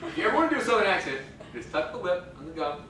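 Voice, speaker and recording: On an indoor stage at a live venue, a slam poet trades punning banter and then performs a rhythmic spoken-word poem. His high voice swings widely in pitch and comes rapid-fire, recorded from far off in an echoey hall with heavy noise.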